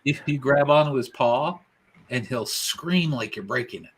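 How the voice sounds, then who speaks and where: A man joining a livestream chat as a guest, dropping in quick remarks that start with a stammer. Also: mid-range voice, animated, a little hiss or hum, low-quality recording. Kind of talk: casual chat.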